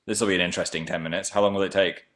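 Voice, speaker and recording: A young man with a slight northern English accent, chatting casually on a livestream and answering viewer comments in a playful way that jumps into silly high voices. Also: fairly even intonation, very fast, a bit bright.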